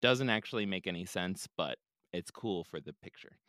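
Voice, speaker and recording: A man's voice: deep voice, animated, normal speed, a bit bright, dry recording. A man hosting a podcast, retelling a story in a casual, laid-back way with joking asides. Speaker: podcast host.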